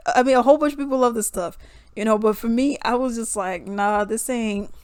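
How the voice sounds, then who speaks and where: A woman's voice: fairly high pitch, quick pace, darkish tone, no echo, studio quality. A young woman, giving casual music commentary, laughing often and mocking songs in singsong voices.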